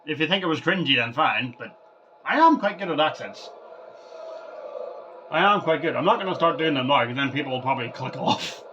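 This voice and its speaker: A man chats over his gameplay in a loose, rambling way, tripping over and repeating his words as he goes. His voice sits fairly high. The recording sounds dull and lo-fi, with a clear hiss of noise underneath. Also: expressive, brisk, long pauses, sharp tone. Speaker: gaming vlogger.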